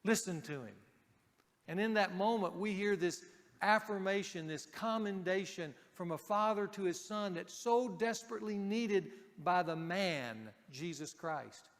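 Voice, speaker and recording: A man's voice: high-pitched, a little slow. Emphatic male preacher in a reverberant hall. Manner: emphatic, dropping to a hush on key points. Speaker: men's ministry speaker. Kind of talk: sermon.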